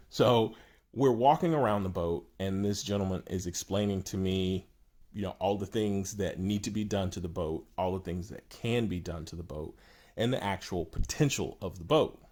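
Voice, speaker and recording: A man's voice: fairly low pitch, darkish tone. A man, a yacht broker, telling a personal anecdote in a rambling, self-amused way with frequent restarts.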